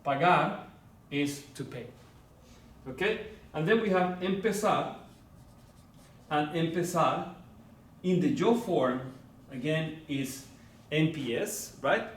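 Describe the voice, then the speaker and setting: A man teaching a Spanish grammar lesson, speaking slowly and repeating words while checking in with his listeners. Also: fairly high pitch, lively intonation. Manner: slow and deliberate, repeating words, checking in with "right?" and "okay?". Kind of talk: classroom lecture. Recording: echoey room, voice from far off, faint background noise.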